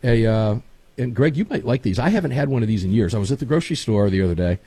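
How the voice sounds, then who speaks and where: Animated folksy man hosting a talk show. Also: mid-range voice, quick pace, slightly rough, no echo. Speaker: show host. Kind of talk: casual talk show banter.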